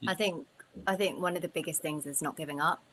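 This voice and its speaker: Woman guest, very low pitch, forceful bright tone, motivational. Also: fairly even intonation, quick pace, a little hiss or hum, rough recording. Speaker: guest, award winner. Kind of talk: casual interview chat.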